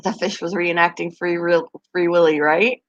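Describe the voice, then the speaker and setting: Heard in lo-fi sound, a woman with a lowish voice hosts a pet channel at a moderate pace. Chatty and laughing frequently, she talks casually to her live viewers while gushing about tiny baby animals.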